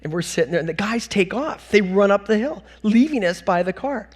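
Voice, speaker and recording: A middle-aged man from North America speaking as a conference speaker on stage, telling animated, self-mocking anecdotes with bursts of laughter. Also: high voice, fairly quick, husky. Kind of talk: storytelling keynote talk.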